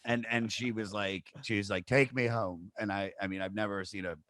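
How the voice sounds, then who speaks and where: Guy in his 30s, low voice, crude rambling story, dry close mic. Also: brisk, no echo. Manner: animated, crude, lots of fillers. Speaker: podcast host. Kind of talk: casual storytelling chat.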